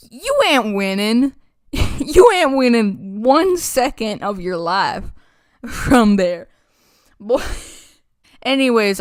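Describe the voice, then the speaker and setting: A woman's voice: mid-range voice, clean tone, no echo, clean studio sound. A woman rambling through a casual game recap, blunt and mocking, laughing between remarks, with a playful put-on country twang. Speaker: gaming channel host.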